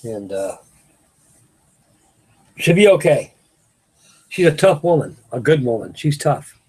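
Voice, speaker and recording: A man's voice: medium pitch, very animated, takes it slowly, a little mellow, slightly rough. An older man, rambling folksily as host of a late-night live chat with his viewers. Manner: folksy, meandering, restarts sentences. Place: home at night.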